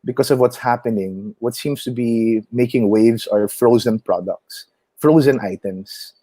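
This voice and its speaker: A man with a Filipino accent, a chef chatting as an interview guest, animated and quick to laugh as he tells stories. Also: mid-range voice, dry recording. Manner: animated storyteller, mixes in Tagalog, laughs often. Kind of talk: casual interview conversation.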